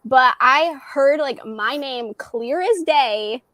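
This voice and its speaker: A woman's voice: high voice, slow pace, sharp tone, no echo. A woman casually telling a spooky story from home on a livestream, retelling dialogue with lots of "like". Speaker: guest on a livestream. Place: at home in a townhouse.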